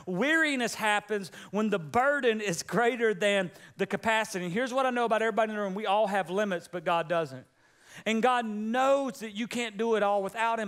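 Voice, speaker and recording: Animated joking pastor, man. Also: high voice, clean tone. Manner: animated, joking, call-and-response with congregation. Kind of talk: humorous sermon. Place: church sanctuary.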